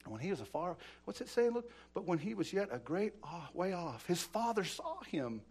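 Impassioned high-voiced male preacher. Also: very animated, normal speed, slightly rough. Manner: impassioned, swings from loud to soft. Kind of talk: sermon.

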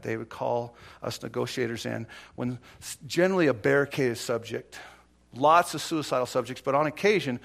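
A middle-aged man preaching a sermon, telling stories from his time as a police negotiator, dropping to a low confiding tone and then building to loud, rising exhortation. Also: vocal fry. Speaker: pastor, former police negotiator. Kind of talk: sermon with storytelling. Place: church.

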